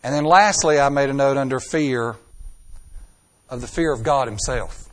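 A middle-aged man preaching a sermon. He talks emphatically, with dramatic swings in loudness and pace, and asks the congregation rhetorical questions. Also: mid-range voice, normal speed.

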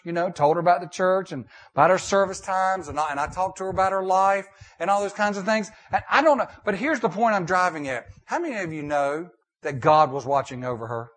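A man's voice: high-pitched, a bit bright. An older man, a pastor, preaching a sermon in a folksy storytelling way, often repeating and restarting his phrases.

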